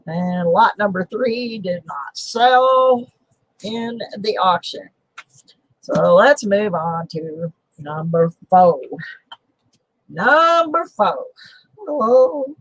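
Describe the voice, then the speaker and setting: A woman's voice: mid-range voice, dry recording, low-quality recording. A middle-aged woman hosting a casual coin collecting live stream, chatting in a rambling, self-deprecating, humorous way from her home. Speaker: host of a coin collecting show. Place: home on a mountain.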